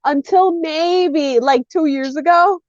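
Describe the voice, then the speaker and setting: A woman guest chatting casually, telling jokey, animated stories and acting out quotes. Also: high voice, slow, no room sound, lo-fi sound. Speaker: guest co-host. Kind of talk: casual chat.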